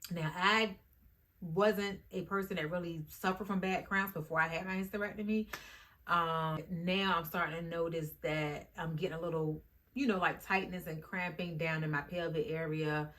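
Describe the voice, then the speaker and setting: Chatty woman vlogger with a low voice. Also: normal speed. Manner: chatty, animated, often addresses viewers as "y'all" and "guys". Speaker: YouTube vlogger. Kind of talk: casual talk to camera.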